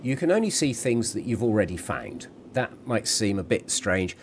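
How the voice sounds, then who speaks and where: A man's voice: on the low side, big pitch swings, normal speed, slight background noise. A man giving chatty, casual commentary over his own gameplay, at times apologising and humming to himself.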